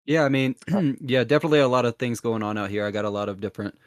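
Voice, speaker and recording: A man hosts a casual interview. He asks questions in an easygoing, agreeable way. His voice sits in a middle pitch, recorded close and dry. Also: fairly even intonation, fast, clean tone, no echo. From Alabama, US. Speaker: podcast host.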